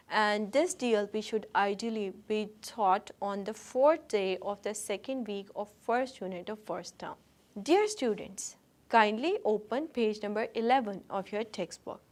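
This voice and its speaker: A woman teacher giving a recorded lesson, patiently addressing students and repeating words slowly for learners. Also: medium pitch, darkish tone.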